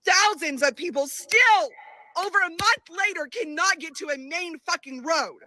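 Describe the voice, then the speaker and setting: A woman's voice: extremely high pitch, normal speed, bright, forceful tone, no echo, rough recording. A woman in a played clip making an exasperated, emotional plea, swearing as she pleads. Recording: clip with clear background noise.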